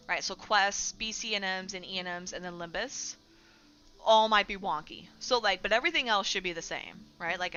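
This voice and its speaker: Bright-voiced woman streamer, swearing casually. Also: mid-range voice, muffled recording. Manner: blunt, swears casually, chatty. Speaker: streamer host. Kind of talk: casual livestream commentary.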